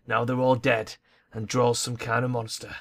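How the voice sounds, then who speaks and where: A man's voice: medium pitch, monotone, moderate pace, creaky, lightly acted. A man voicing a nervous runaway gang member from a video game, talking in an anxious, rambling way. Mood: worried. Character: nervous young male gang member in hiding.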